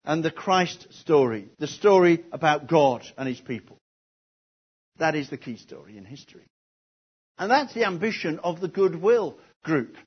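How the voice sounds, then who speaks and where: A man's voice: on the high side, lively intonation, normal speed, slightly rough. A man preaching an expository sermon, posing rhetorical questions and repeating key phrases. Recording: dull lo-fi recording.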